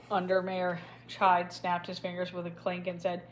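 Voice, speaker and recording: A woman's voice: fairly low pitch, completely flat delivery, moderate pace, few pauses, a little hiss or hum. Woman reading an audiobook aloud. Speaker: audiobook reader. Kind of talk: audiobook narration.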